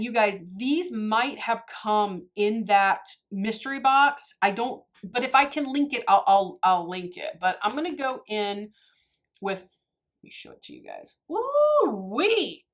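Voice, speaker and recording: A woman's voice: a little high, a bit bright. A married woman chatting casually to her viewers while she does her makeup. She rambles, makes fun of herself and laughs often. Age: adult, married. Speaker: beauty YouTuber. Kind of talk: casual makeup tutorial chat.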